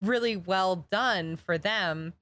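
A woman's voice: mid-range voice, slow, a bit bright. A woman chatting casually as co-host, reviewing a show, with lots of "like" and acted-out quotes. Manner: chatty, many likes, acts out quotes. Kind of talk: casual podcast chat.

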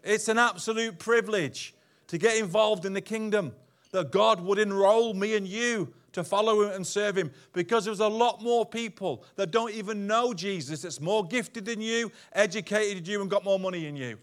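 A male pastor delivering a lively sermon. His voice sits a little high, and he swings from loud, emphatic declarations to low, hushed asides. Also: moderate pace. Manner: animated preaching with big swings in loudness. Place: church hall.

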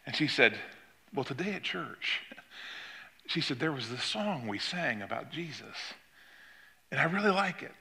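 Bright-voiced older pastor preaching. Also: male voice, sing-song, a little slow, vocal fry, long pauses. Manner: storytelling, acts out quoted voices with rising pitch. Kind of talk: sermon.

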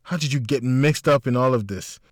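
A man's voice: medium pitch, fairly quick, no echo, clean studio sound, lightly acted. A man reading aloud voices a tough female police officer who speaks in firm, clipped commands. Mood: questioning.

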